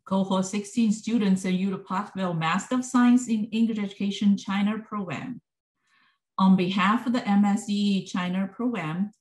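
A woman's voice: medium pitch, darkish tone. A woman coordinating a program, giving an earnest prepared speech with small restarts from her office. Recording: roomy office sound.

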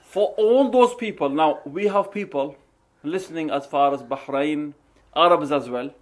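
A man's voice: a little high, unhurried. A man from England, hosting and mocking someone in scornful, emphatic commentary. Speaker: host.

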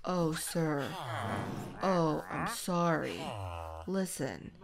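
A woman hosting a gaming channel, giving soft whispered ASMR commentary as she plays and chats to the game's animals. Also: low voice, very slow, vocal fry, heavy background noise. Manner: soft whispering, chatty asides to the game animals.

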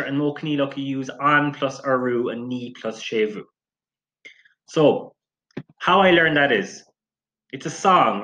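A young man teaching a language lesson to camera, often checking in with a quick "okay?". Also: mid-range voice, sharp tone, dull audio.

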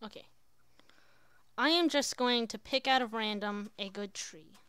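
A woman with a crisp, bright voice, set a bit high, gives casual commentary while she plays a game. She chats to herself with sudden exclamations. The sound is dry and close. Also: unhurried, dry recording. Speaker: let's player.

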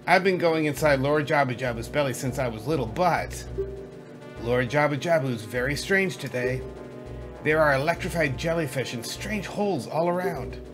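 A man's voice: a little high, expressive, moderate pace, natural voice. A man voicing a haughty, bossy young fish princess from a video game, reading her lines with indignant emphasis. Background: game music.

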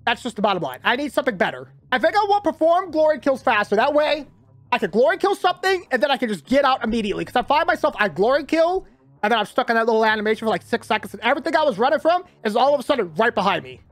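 A man giving live gameplay commentary, excitable, talking to himself and yelping when things go wrong. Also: very high-pitched, very fast, no echo. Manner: excitable, talks to himself, yelps when panicked. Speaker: gaming channel host.

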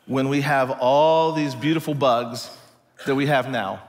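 Animated man preaching in a reverberant hall. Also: medium pitch, measured pace, noisy background. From United States. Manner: animated storyteller acting out dialogue. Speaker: pastor. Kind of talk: storytelling sermon. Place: church hall.

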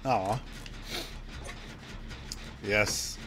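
A man's voice: fairly low pitch, fairly even intonation, very slow, fairly bright tone, slight background noise. A man streaming a horror game live, chatting with viewers, swearing casually and yelping at the scares. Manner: jumpy, yelps and laughs at scares, chats with viewers.

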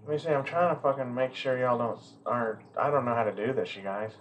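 A man's voice: mid-range voice, fast talker, a little hiss or hum. A middle-aged man chatting casually and profanely as he unboxes a toy collector's gift, rambling and heartfelt.

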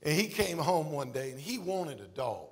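A middle-aged male pastor preaching a sermon in a church, emphatic with shouts and exclamations. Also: on the high side, big pitch swings, normal speed, vocal fry. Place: church sanctuary.

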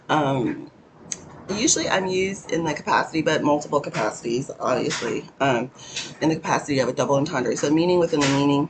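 A woman who hosts her own channel gives a rambling spiritual teaching in a low, hoarse morning voice, recorded in a cold room with background noise. She often pauses to thank the Holy Spirit.

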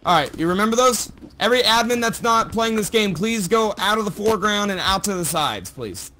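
A man with a high, very lively voice hosts an improv comedy show, bouncing between shouts and laughter. His voice chat sits under a clear hiss of background noise. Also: fairly quick. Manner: animated, shouts and laughs often.

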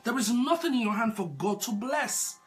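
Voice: mid-range voice, moderate pace, soft background music. A preacher delivering a sermon, repeating key phrases and asking the congregation rhetorical questions.

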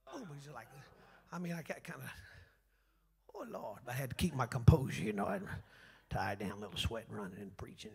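Gravelly sixty-year-old preacher. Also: male voice, mid-range voice, very animated, a little fast. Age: 60s. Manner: storytelling, swings from shouting to near-whisper. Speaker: revival preacher. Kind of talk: sermon. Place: church sanctuary.

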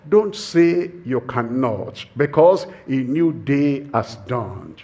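Slow, emphatic man preaching a sermon. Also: medium pitch, expressive, dark tone, lo-fi sound. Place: campus fellowship meeting.

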